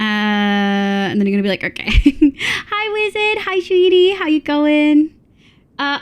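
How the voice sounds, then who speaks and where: A bubbly young woman chats away on a live game stream. Her voice sits a little high, and she laughs often as she answers her chat. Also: clear, resonant tone. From Australia. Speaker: VTuber streamer. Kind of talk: casual live-stream chat while gaming.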